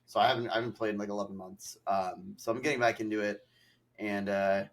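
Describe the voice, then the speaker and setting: Young guy on a podcast, kinda low voice, stuffy nose, lots of likes and ums. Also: fairly even intonation, quick pace. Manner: rambling, heavy on fillers like "like" and "um". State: stuffy from allergies. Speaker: podcast host. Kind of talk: casual chat.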